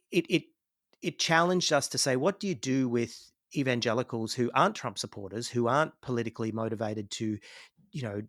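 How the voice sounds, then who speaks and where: A middle-aged man from Australia, a podcast guest talking casually, enthusiastic with halting restarts. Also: mid-range voice, no echo, studio quality. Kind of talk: casual conversation.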